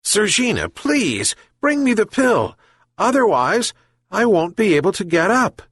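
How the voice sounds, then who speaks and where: A man's voice: on the high side, huge pitch swings, measured pace, fairly bright tone, husky, dry recording, clean studio sound, pitched above the performer's own voice, full character voice. A man voicing a kind old fisherman who calls out to his pets and pleads with them. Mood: calling. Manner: calling out, pleading.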